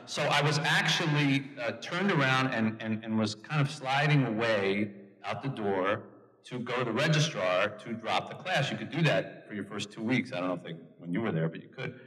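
Middle-aged man telling lively stories. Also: on the low side, normal speed. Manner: animated storyteller, jokes and mimics others. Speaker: author at a book event. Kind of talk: storytelling answers in an audience Q&A. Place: large event hall with audience. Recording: long hall reverb.

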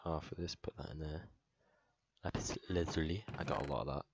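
A man's voice: extremely low pitch, a little fast, creaky, lo-fi sound, background noise. A man hosting a gaming channel, narrating his own moves in a playful let's play commentary with sound effects.

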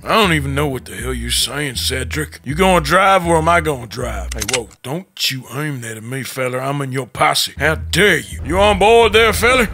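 A man's voice: mid-range voice, lively intonation, moderate pace, few pauses, bright, forceful tone, a little hiss or hum. A man doing Arthur Morgan, drawling outlaw. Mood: drawling, gruff. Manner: drawling, calls everyone fella. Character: gruff drawling male outlaw cowboy. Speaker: streamer. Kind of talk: in-game voice chat impression.

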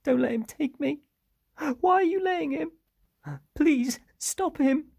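A man's voice: takes it slowly, gravelly, a little mellow, no room sound, clean studio sound, full character voice. Man doing a frightened little girl. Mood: scared pleading. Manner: high, pleading and tearful.

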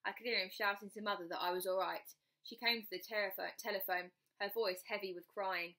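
A woman's voice: mid-range voice, steady tone, fairly quick, hardly any pauses, pushed and bright. A woman reading a children's storybook aloud, narrating in the first person with expression. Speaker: storybook reader.

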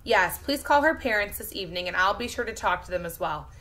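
A woman reading aloud voicing a brisk, fiery woman classroom aide in a children's novel, lifting her voice higher and louder. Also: animated.

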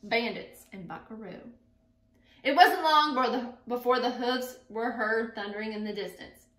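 Teacher lady reading a storybook to the class, bright voice, stops to wonder aloud, echoey room. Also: a little high. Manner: pauses to think aloud and describe what she pictures. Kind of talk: reading a picture book aloud to students.

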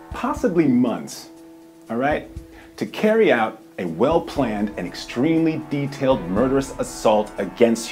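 A man's voice: mid-range voice, a little mellow. A man hosting satirical news commentary, ranting in a blunt, sarcastic way. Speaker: news anchor.

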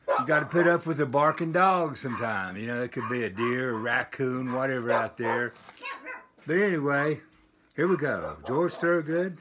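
An older man talks through a box of records at a slow, unhurried pace, rambling easily and pausing often with "uh". His voice sits at an ordinary pitch, with a faint hiss of noise behind it. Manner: rambling, easygoing, many filler pauses. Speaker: vinyl record collector. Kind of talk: casual unboxing vlog. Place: home with dogs barking nearby.

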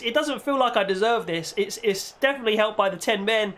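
A man commentating on his own football video game, reacting loudly and shouting at goals and the referee. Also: high voice, a little fast, hardly any pauses. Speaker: gaming YouTuber. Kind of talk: excitable gameplay commentary.

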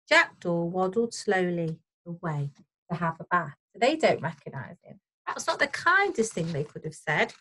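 A woman teacher reading a storybook aloud to children, expressive and gentle, pausing to explain the story. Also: lowish voice, a little hiss or hum, low-quality recording. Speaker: primary school teacher.

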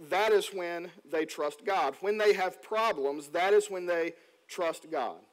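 A male pastor delivering a sermon, telling stories earnestly and slowing down to read scripture. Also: high-pitched, low-quality recording. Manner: earnest storytelling, slows down on scripture.

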